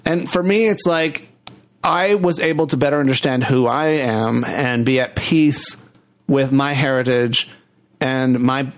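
A man hosting a podcast, chatting casually and telling stories with drawn-out emphasis. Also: mid-range voice. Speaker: podcast host. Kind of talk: casual chat.

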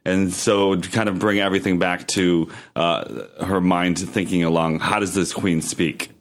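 Deep-ish guy cohosting a podcast, rambly, lots of restarts. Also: flat delivery, moderate pace. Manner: rambling, many fillers and restarts. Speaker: podcast co-host. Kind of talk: casual podcast chat.

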